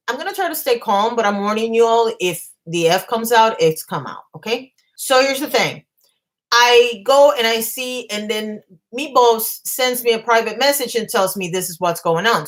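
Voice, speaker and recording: A woman's voice: fairly high pitch, fairly bright tone. A woman hosting a casual live stream from her bedroom, ranting bluntly with swearing and greeting viewers between points. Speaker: commentary channel host.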